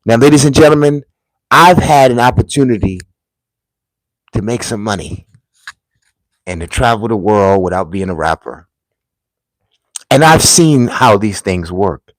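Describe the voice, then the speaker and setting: Low-voiced man telling rambling stories. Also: animated, unhurried, long pauses, dry recording, rough recording. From United States. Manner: rambling, emphatic storytelling. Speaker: commentator. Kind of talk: casual commentary monologue.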